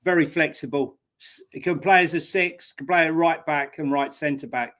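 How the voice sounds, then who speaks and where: A man's voice: a little high, steady tone, moderate pace, a bit bright. Emphatic man in casual football chat. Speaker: podcast co-host.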